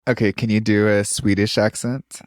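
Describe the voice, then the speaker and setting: A man's voice: fairly low pitch, level tone, normal speed, dry recording, clean studio sound. A man co-hosting a podcast in laid-back casual chat, laughing often. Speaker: podcast co-host.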